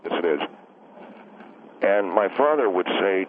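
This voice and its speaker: A man calling in to a radio show, rambling and quick to take offense. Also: sits low, animated. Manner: rambling, touchy and defensive. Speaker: caller. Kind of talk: call-in radio chat. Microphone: telephone. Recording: tinny phone line, faint hiss.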